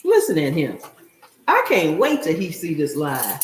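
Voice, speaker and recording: A middle-aged woman talks through a live cooking stream, reading viewer comments aloud and answering them as she works. Her voice sits low but swings widely in pitch as she talks. The home kitchen rings with echo around her. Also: wildly swooping pitch, a little slow, noisy background. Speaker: cooking show host.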